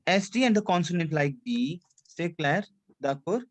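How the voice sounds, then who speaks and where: A man's voice: fairly high pitch, animated, moderate pace, a little hiss or hum. A man teaching French pronunciation in a lesson, repeating points and checking that his student follows. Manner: repetitive, drilling the student, frequent checks for understanding. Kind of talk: classroom lesson.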